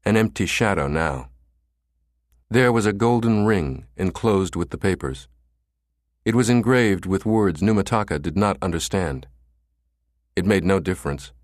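Male audiobook narrator, very low voice, measured delivery, dry close studio sound. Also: dry recording. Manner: measured, even storytelling.

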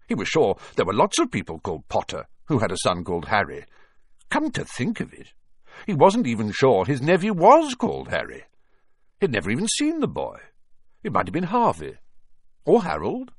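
A man narrates a storybook with a low, husky voice that rises and falls in a lively way. He shifts his voice to follow the story, recorded close and dry. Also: no echo. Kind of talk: storybook reading.

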